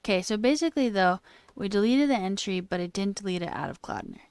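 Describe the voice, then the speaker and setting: A woman's voice: medium pitch, lively intonation, fast, darkish tone, smooth, dry recording. A young woman streamer chatting casually and thinking aloud while she works on code. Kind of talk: casual coding stream chat.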